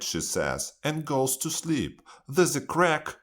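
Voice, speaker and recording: A man reading a children's storybook aloud in a clear, expressive manner. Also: on the high side, takes it slowly.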